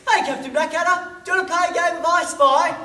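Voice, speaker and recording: Young guy doing a dopey cheerful private, high voice bouncing around, echoey room. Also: fairly even intonation, fast talker, bright, forceful tone, exaggerated voice. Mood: cheery. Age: young adult. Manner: simple, eager, chirpy. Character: dim-witted grubby male army private, cheerful. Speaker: drama student. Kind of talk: solo school drama performance. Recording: echoey room, far camera.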